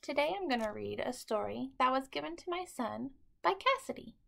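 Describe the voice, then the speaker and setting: A woman teacher reading a bedtime story aloud to children in an expressive, dramatic way. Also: high-pitched, a little fast, creaky.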